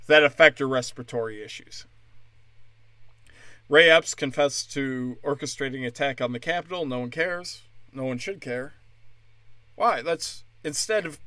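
Male comedian, podcast monologue, angry sarcastic profane rant, tense bright delivery in a dry booth. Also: fairly high pitch, dry recording.

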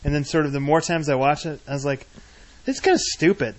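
A man's voice: a little high, fairly quick, noisy background. A man co-hosting a casual chat, wry and talkative, with a lot of "like" in his speech. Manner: wry, chatty, heavy use of "like". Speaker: podcast co-host.

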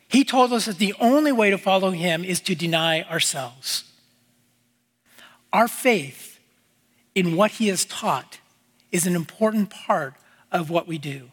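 A male pastor with a high voice preaches in an unhurried, measured way. He repeats phrases earnestly and lets his voice sink at the ends of lines. A long reverb from the church hall trails every word. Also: fairly bright tone. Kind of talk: sermon.

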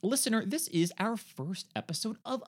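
A male podcast co-host chatting casually about films. His pitch swings widely as he talks. He laughs often and keeps things chatty. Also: animated, normal speed, husky. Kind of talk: casual chat.

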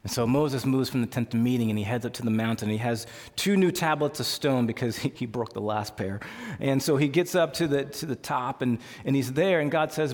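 A male pastor preaching a sermon in a conversational, animated way. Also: mid-range voice, fairly quick. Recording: long hall reverb.

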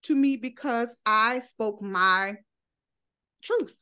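Slow-talking, high-voiced woman guest. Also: bright, forceful tone. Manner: laughs often while telling her story; candid and talkative, with loose, run-on phrasing. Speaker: interview guest, social media creator. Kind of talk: casual interview conversation.

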